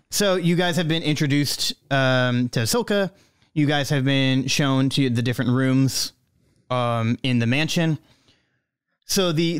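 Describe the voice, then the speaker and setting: A man narrating as game master, relaxed, with many fillers. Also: medium pitch, clean tone, dry recording, clean studio sound.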